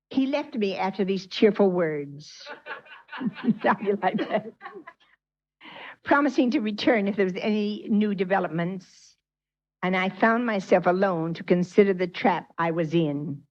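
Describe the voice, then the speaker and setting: A woman's voice: medium pitch, expressive, unhurried. A woman, a spiritual teacher, reads a story aloud to her class and breaks off to quiz her listeners. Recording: dull lo-fi 1980s tape.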